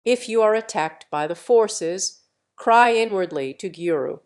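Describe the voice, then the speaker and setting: A woman's voice: mid-range voice, animated, a little slow, smooth. A woman voicing a male spiritual teacher who gives solemn instructions in a pacifying tone.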